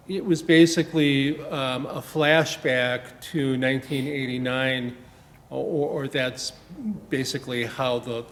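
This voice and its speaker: A man from Wisconsin, a play director, chatting in a casual interview, rambling with plenty of fillers and restarts. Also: mid-range voice. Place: small-town theater stage. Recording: echoey hall with faint noise.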